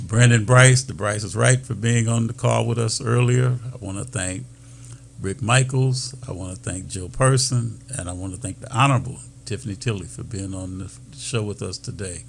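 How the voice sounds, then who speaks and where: Male talk host, gravelly texture, faint hum underneath, steady moderator delivery. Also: on the low side. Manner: measured, thanking guests and urging listeners. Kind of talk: panel discussion moderating.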